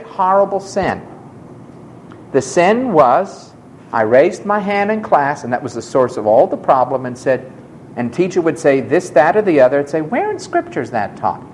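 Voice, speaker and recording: A man's voice: a little high, slight background noise. A man preaching a sermon, telling a personal story with emphatic, dramatic delivery and acting out the people he quotes.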